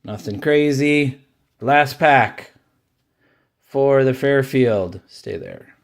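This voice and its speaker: A man hosts a card-opening video, calling out each card in an offhand, unhurried way. His voice sits at a middling pitch and his pace is slow and drawn out. He mixes mild complaints with bursts of delight. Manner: offhand, names each card as it turns up, grumbles and cheers by turns. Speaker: card collecting channel host. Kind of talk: casual running commentary while opening card packs.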